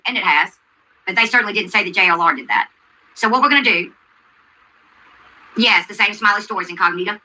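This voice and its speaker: A woman with a very bright, sharp-edged voice hosts a casual livestream, dropping honey and sweetheart between pointed call-outs. She keeps her tone measured, insisting she is calm, over a faint hiss of background noise. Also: mid-range voice, low-quality recording. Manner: calls viewers baby, honey and sweetheart while calling out a rival. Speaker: YouTube commentary host.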